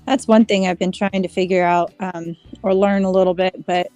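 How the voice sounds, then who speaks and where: A woman's voice: fairly low pitch, fairly even intonation, moderate pace, mellow, clean tone, soft background music. Woman chatting on an online call. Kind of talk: casual chat.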